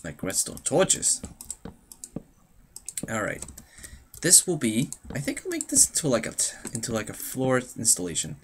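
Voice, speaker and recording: A man's voice: medium pitch, huge pitch swings, normal speed, pauses often, a little hiss or hum. A young man chatting casually to himself as he plays a game, playful and rambling, humming now and then. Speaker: let's play host. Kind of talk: casual gameplay commentary.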